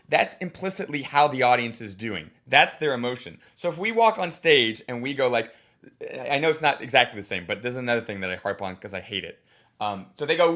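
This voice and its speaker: A man coaching comedy with a lively, swooping delivery that sits a little high for a man. He is blunt, swears freely and jumps into quick impressions of the crowd and the performer to show what went wrong. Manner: animated, blunt, swears, acts out audience and comedian voices. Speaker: comedy teacher. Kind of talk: coaching critique of a recorded set.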